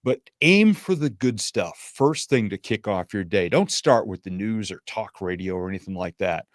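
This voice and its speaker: A man speaking as a podcast guest and motivational speaker in casual interview chat, with a smooth radio-announcer delivery. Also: on the low side, expressive, normal speed, dry recording, clean studio sound.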